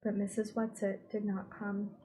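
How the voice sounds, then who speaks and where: A woman's voice: mid-range voice, moderate pace, low-quality recording. Woman reading an audiobook aloud. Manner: expressive, voices dialogue with rising intensity. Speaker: audiobook reader. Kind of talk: audiobook reading with voiced characters.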